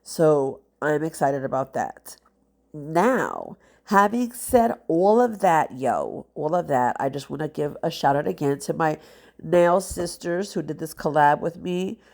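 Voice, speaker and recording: A woman's voice: low voice, very animated, measured pace, creaky, darkish tone. A woman, a mother, talking casually and heartfelt to camera as a nail vlogger, rambling with many fillers and sounding congested. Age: adult with children.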